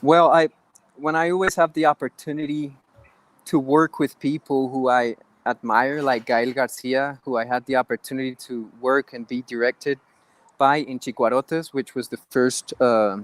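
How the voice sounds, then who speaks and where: A man's voice: mid-range voice, steady tone, moderate pace, a little hiss or hum. A man, an actor guest in an interview, talking earnestly with many restarts and halts. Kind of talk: interview conversation.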